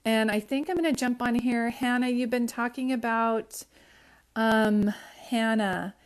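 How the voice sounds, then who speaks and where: A woman's voice: on the high side, fairly even intonation, a little slow, clear, resonant tone. A woman hosting a live-stream psychic reading, talking to viewers in a casual, affectionate way, using pet names and rambling with restarts.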